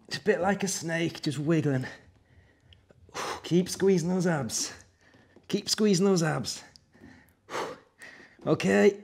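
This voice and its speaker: A young man leading a beginner workout as fitness coach, counting reps and urging listeners on while out of breath. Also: fairly high pitch. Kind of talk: guided workout instruction.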